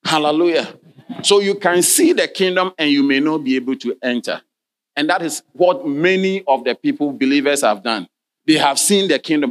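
A man with a voice on the high side preaches a sermon as pastor of a church. He reads scripture in old King James wording and often interrupts himself with "Hallelujah" and questions to the congregation.

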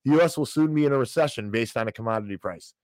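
A man's voice: mid-range voice, very fast, darkish tone, no room sound. Ranting man hosting a finance show. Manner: sarcastic, ranting, frequent "okay?" asides. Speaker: host of a financial news show. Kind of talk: opinionated commentary on economic news.

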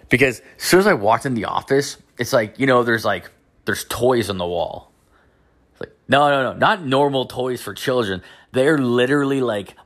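A man telling a story in a casual monologue, swearing constantly and rambling with lots of filler words. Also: on the low side. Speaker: podcast host.

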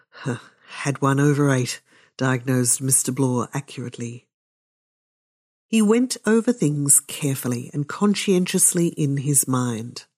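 A woman podcast host reading a novel aloud, measured and unhurried, with her own commentary. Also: deep voice, mellow.

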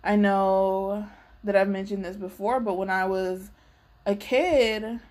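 A woman's voice: mid-range voice, fairly even intonation, slow pace, a little mellow. A woman host talking casually and reflectively about her needs, voicing her own prayers as she goes. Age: adult, working. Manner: conversational, acts out her prayers aloud. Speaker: faith podcast host.

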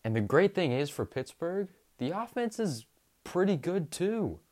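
A young man hosting a sports podcast, recapping games in an enthusiastic, emphatic way with drawn-out stresses. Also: fairly high pitch, big pitch swings, a little mellow.

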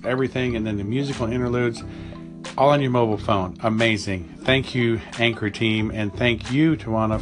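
A man hosting a podcast, talking in an enthusiastic, thankful way. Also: mid-range voice. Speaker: podcast host. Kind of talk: upbeat podcast talk.

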